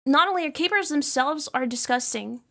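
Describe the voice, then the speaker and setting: Young streamer girl with a high voice, swearing and laughing through a casual rant. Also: a little fast, gravelly. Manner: profane, animated ranting with frequent laughs. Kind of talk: casual ranting stream chat.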